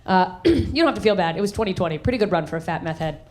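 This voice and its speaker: A woman from the American South doing a live stand-up comedy set on a handheld stage mic, brash, swinging her voice high and low for punchlines. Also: animated, very fast, darkish tone. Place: live comedy venue with audience. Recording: live show with crowd laughter. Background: audience laughter.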